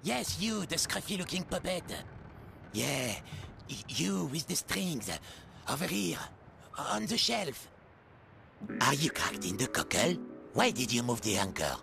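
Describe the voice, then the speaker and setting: A man's voice: on the high side, big pitch swings, measured pace, creaky, pauses often, noisy background, exaggerated voice. An actor playing a rude, grumpy old male hermit crab in a game, who scolds in a cranky voice that swoops up and down. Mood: cranky scolding. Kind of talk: game narration acting. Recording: game audio with music behind.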